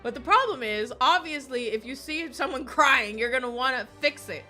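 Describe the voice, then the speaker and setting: A woman's voice: sits high, animated, moderate pace, sharp tone, soft background music. A woman streamer chatting casually while gaming, swearing constantly and laughing often as she rants. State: recovering from illness.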